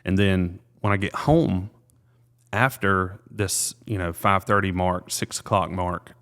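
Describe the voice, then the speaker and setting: Low-voiced earnest man telling a story. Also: steady tone, a bit bright, clear, resonant tone. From South Carolina. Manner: earnest, halting storyteller with many restarts and fillers. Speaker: realtor, interview guest. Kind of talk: candid personal story in an interview.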